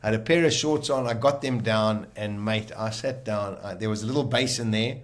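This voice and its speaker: A man, a guest on a podcast, telling a personal story in a vivid, animated way and acting out the lines people said. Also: lowish voice, brisk.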